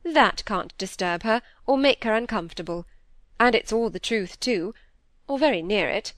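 A woman's voice: mid-range voice, animated, moderate pace, fairly bright tone, dry recording, close to an everyday voice. A woman reading the part of a vain, fretful middle-aged stepmother who speaks querulously. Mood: scheming. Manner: querulous, peevish.

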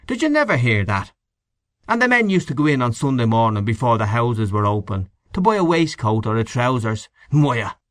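A man performs an audiobook character, a sneering, indignant middle-aged canvasser given to grumbling and gossip. He speaks at medium pitch and moderate pace with large swings in intonation, in a fairly bright tone with no echo.

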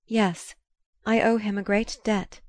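A woman reading the lines of a composed, honest woman with a quiet voice in an audiobook, speaking simply and calmly. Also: mid-range voice, slow, no echo, studio quality, natural voice. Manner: calm, simple.

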